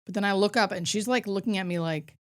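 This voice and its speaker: A woman hospice nurse, a guest on an interview show, telling stories in a casual, animated way and acting out what people said. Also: mid-range voice, fast talker. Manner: animated storyteller, acts out quotes.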